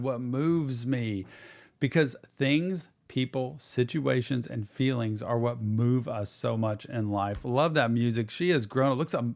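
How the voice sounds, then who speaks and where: A middle-aged man, a therapist hosting a music reaction show, talking to viewers in an earnest, encouraging way. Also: medium pitch. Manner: earnest, encouraging, talks directly to viewers, says "y'all". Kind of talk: casual reaction-stream commentary.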